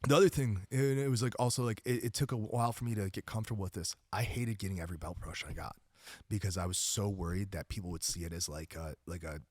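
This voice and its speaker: A man's voice: on the low side, quick pace, breathy edge, no echo, studio quality. A man speaking as a podcast guest in casual conversation, earnest and open, often restarting his sentences. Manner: earnest, frequent restarts and fillers. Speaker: podcast guest, jiujitsu instructor.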